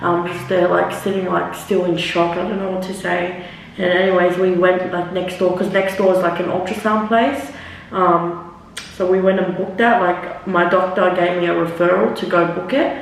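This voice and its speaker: This young vlogger has a lowish voice with vocal fry, speaking in a steady tone at a moderate pace. She rambles and swears through a casual makeup storytime, with plenty of "like" and "literally." Recorded from a distance in an echoey room, turned away from the camera, with a little hiss or hum.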